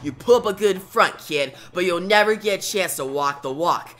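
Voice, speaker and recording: A woman's voice: lowish voice, lively intonation, normal speed, a bit bright. A woman voicing a cocky male henchman who throws out sneering, tough-guy taunts. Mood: taunting.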